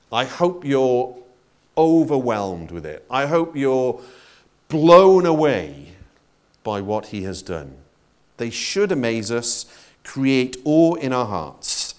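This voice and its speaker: A man preaching a sermon in a conversational, expressive way, addressing his congregation directly. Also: takes it slowly, pauses often. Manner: expressive, conversational preaching with wide swings in pitch and loudness.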